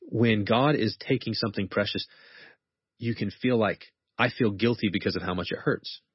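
Low husky-voiced man teaching earnestly. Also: dry recording, muffled recording. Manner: earnest, quotes scripture slowly and deliberately. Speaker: professor and author, guest. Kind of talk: conversational teaching on faith.

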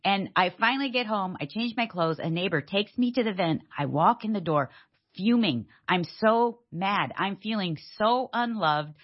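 A woman co-hosting a radio talk show, telling stories in a lively, laughing way. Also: medium pitch, moderate pace. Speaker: radio co-host. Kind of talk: casual storytelling chat. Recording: dull lo-fi sound.

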